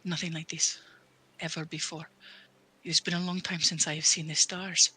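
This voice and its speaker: A man voicing a grieving male undead paladin knight, speaking in halting, solemn apologies. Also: fairly high pitch, little pitch movement, pushed and bright, breathy edge, heavily acted.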